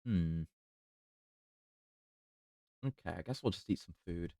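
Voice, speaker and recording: A man streaming a video game, thinking aloud in casual, halting commentary. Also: sits low, lively intonation, creaky, mellow, no room sound, studio quality.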